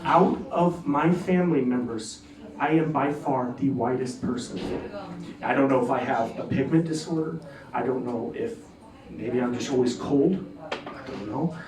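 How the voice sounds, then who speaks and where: Rambling stand-up comic in an echoey club. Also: male voice, mid-range voice, measured pace. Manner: rambling, loose delivery with many restarts and asides. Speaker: stand-up comedian. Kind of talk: stand-up set at an open-mic comedy night. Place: comedy club stage. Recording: echoey room heard from a distance, with a crowd.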